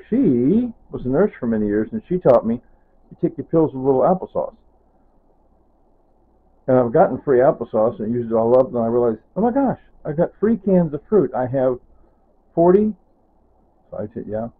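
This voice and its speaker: Guy rambling in his kitchen vlog, keeps trailing off, sounds tinny like over a phone. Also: mid-range voice. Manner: rambling and digressive, often trailing off with "anyway" and "whatever". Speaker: vlogger. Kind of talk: casual kitchen vlog narration. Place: home kitchen.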